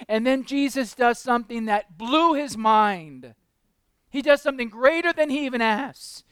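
A male preacher with a high, smooth, resonant voice delivers a fervent sermon. He keeps asking his congregation questions and acts out the people in his story. His voice swings from loud, emphatic peaks to hushed asides, recorded dry and close. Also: lively intonation, normal speed, no room sound. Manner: impassioned, rising to loud emphatic peaks and dropping to quiet asides; asks the listeners many rhetorical questions.

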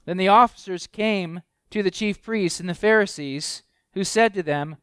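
Male pastor, high smooth voice, dry close sound, conversational sermon with rising emphasis. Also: normal speed, few pauses, fairly bright tone, no echo. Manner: conversational preaching, rhetorical questions, rising emphasis.

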